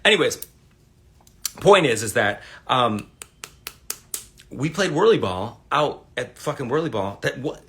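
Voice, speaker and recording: A man's voice: mid-range voice, animated, measured pace, pauses often, bright, forceful tone. A man telling a long, rambling, profanity-laced story in a laid-back, casual way while talking into his phone on a livestream. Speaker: livestream host.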